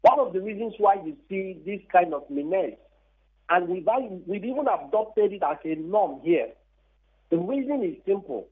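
A man's voice: high-pitched, lively intonation, moderate pace, slightly rough. A man calling into a radio show, speaking earnestly. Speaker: caller. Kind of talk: call-in radio comment. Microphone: phone. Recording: tinny phone line.

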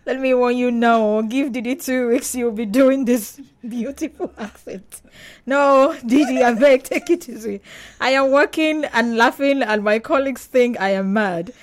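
A woman reading out listener messages on a radio show in a lively way. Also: fairly high pitch, unhurried.

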